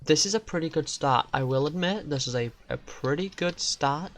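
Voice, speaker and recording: A man's voice: on the high side, normal speed, few pauses, background noise. A young man streaming a video game, talking to himself in a rambling, profane way about absurd ideas. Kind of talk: casual gaming commentary.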